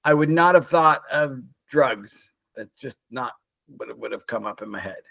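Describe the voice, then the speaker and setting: A middle-aged man co-hosts a casual chat, his voice moving through a lively pitch range. He jokes around and drops movie trivia, and he sounds close and dry with no room around him. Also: normal speed, gravelly, no room sound. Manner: joking, tosses in movie trivia. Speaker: podcast co-host.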